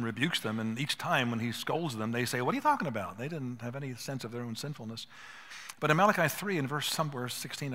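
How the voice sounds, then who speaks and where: A man's voice: mid-range voice, pushed and bright. An older man giving an earnest teaching talk at a conference, emphatic and acting out bits of dialogue. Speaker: conference speaker. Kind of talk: teaching talk to a live audience. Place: conference hall. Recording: hall reverb.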